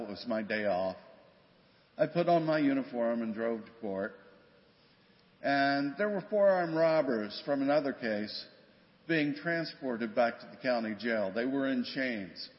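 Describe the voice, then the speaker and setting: An older man and former police officer, recounting a story plainly and conversationally in a church talk. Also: medium pitch. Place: church sanctuary. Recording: dull, long church reverb.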